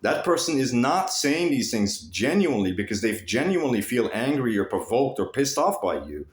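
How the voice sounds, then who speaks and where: A man's voice: medium pitch, normal speed, reverberant. A man talking straight to his viewers in a rambling, profane monologue, restarting his sentences often. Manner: rambling, profane, with frequent restarts and animated swings. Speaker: vlogger. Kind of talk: casual monologue to camera.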